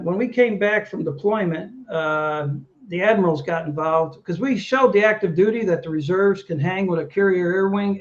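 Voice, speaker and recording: High-voiced man telling a war-veteran story. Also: muffled recording. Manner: animated anecdote teller, quotes others. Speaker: Navy veteran guest. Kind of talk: casual storytelling interview.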